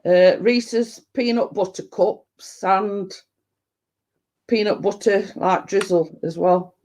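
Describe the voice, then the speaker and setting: A chatty woman hosts a relaxed live stream, drifting through rambling stories and laughing easily. Her voice sits at an ordinary middle pitch for a woman. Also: slow pace. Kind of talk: casual chat.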